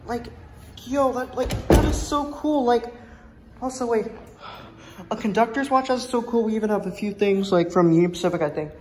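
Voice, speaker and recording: A young woman vlogging in an indoor museum on a handheld phone, rambling and enthusiastic with many fillers, now and then dropping to a hush. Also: on the high side, moderate pace, noisy background. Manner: drops to a hush at times. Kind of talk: excited vlog commentary.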